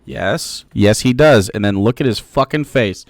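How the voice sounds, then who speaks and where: A man's voice: fairly low pitch, a little slow, creaky, dry recording. A male streamer giving heated, sarcastic reaction commentary, swearing and mocking others.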